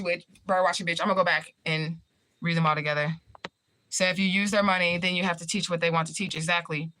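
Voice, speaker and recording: A woman's voice: on the low side, sharp tone. A woman chatting casually on her livestream, reading viewer comments aloud and answering them in a blunt, profane way. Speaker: livestream host.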